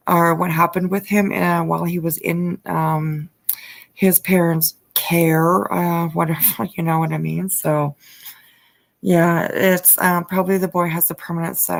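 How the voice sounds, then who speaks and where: A woman hosting a relaxed late-night livestream chat, reading a news article aloud and stopping to greet viewers by name. She gets worked up and swears freely, and her speech is full of fillers, restarts and trailing asides. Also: fairly low pitch, vocal fry. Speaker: livestream host.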